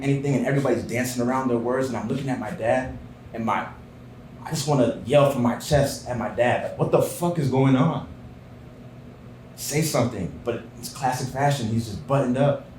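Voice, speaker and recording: A man telling a personal story on stage at a live show, earnest and dropping to a hushed voice in tender moments. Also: mid-range voice, slight background noise. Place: small theater stage. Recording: roomy live theater sound.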